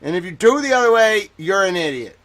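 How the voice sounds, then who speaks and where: Hosting a casual livestream, a Boston man with a local accent rants and jokes to his chat, swearing heavily, laughing often, and calling out viewers by name. His voice is high and a little fast, and he comes across animated and jokey.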